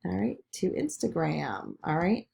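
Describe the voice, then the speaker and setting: Low, gravelly woman walking through software. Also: very animated, a little slow. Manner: chatty, talks through each click, fillers like okay and all right. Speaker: business video tutor. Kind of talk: screen-recorded software tutorial.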